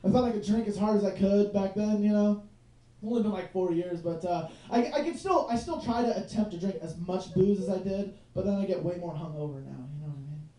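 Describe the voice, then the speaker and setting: A man's voice: sits high, fairly quick, dark tone. A man in his twenties doing a loose, rambling stand-up set at a bar, full of "like" and "you know what I mean.". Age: 20s. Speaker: stand-up comedian. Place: bar stage in front of a live audience. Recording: roomy bar recorded from a distance.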